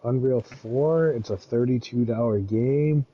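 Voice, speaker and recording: A man in a casual group chat, talking slowly and deliberately as he looks things up. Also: mid-range voice. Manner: slow, deliberate, looking things up. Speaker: podcast co-host. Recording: dull lo-fi sound with faint noise.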